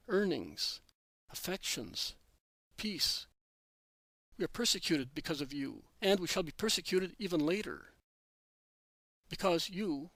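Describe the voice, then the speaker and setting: Judas: resentful, protesting apostle, read by a man, slightly high voice, dry recording. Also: a bit bright, dry recording, heavily acted. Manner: protesting, insistent. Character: Judas, anxious resentful adult male apostle.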